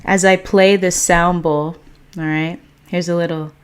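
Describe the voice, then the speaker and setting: Slow, gentle woman hosting a livestream. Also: lowish voice, steady tone, clear, resonant tone. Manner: unhurried, greets viewers by name with gentle affirmations. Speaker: livestream host and meditation guide. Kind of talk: casual livestream chat and guided meditation.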